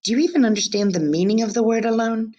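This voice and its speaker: A woman reading aloud for a grumpy middle-aged man who talks gruffly and scolds, recorded on a webcam. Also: a little high, quick pace, a little mellow, muffled recording, pitched above the performer's own voice, natural voice.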